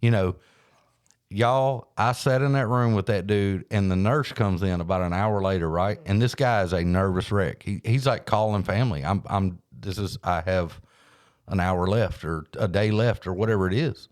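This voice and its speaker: Folksy low-voiced man. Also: moderate pace, dry recording. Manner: folksy, animated storyteller. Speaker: podcast host. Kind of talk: casual storytelling chat.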